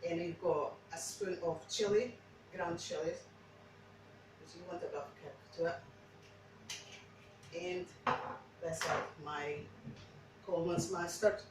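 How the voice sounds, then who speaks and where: A woman's voice: on the low side, fairly even intonation, unhurried, pauses often, very echoey, far from the mic, noisy background. A woman who speaks English as a second language, chatting casually through a cooking demo with lots of restarts. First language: not English. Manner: chatty, rambling, frequent restarts. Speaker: home cook. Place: home kitchen.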